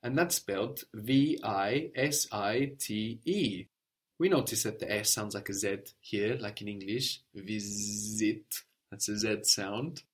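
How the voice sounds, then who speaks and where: A male teacher giving a spoken language lesson. He explains pronunciation patiently and steadily, pausing to quiz his student with short questions. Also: on the low side.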